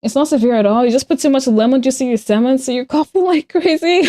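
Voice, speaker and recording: Young woman streaming while she draws, mellow warm voice, chatty and playful, reads chat out loud. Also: high voice, animated, fairly quick, hardly any pauses. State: out of breath. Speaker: livestreamer. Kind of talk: casual livestream chat while drawing.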